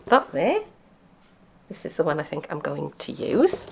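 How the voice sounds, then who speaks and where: Woman, craft tutorial, low gravelly voice, chatty, thinks aloud as she works, faint hiss behind. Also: sing-song, measured pace. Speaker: craft demonstrator. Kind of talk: card-making tutorial.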